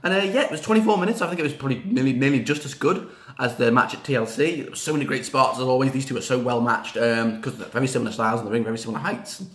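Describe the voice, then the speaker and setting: A man chatting casually in a fan reaction video, rambling with fillers and repeated words and breaking into excited cheers. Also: medium pitch, very fast, roomy sound. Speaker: wrestling reaction vlogger.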